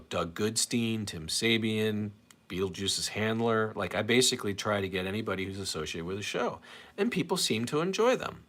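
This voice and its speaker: A man's voice: on the low side, a bit bright. A man hosting a casual live stream, rambling in a self-deprecating way as he reads viewer comments aloud. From St. Louis area, USA.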